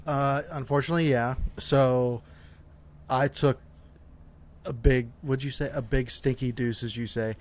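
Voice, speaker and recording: A man's voice: mid-range voice, fairly even intonation, unhurried. Laid-back young man, podcast banter. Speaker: podcast co-host. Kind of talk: casual chat.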